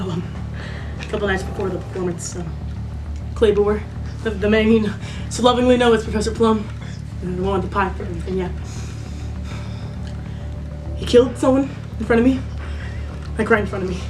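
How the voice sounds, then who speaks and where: A woman's voice: mid-range voice, moderate pace, pauses often, music in the background. A woman giving a melodramatic, giggly confession in a comic mockumentary interview. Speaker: interviewee in a mock documentary.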